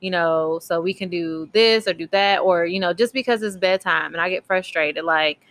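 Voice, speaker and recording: Bright-voiced woman chatting candidly. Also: fairly low pitch, moderate pace. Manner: candid, laughing, storytelling. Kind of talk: casual chat.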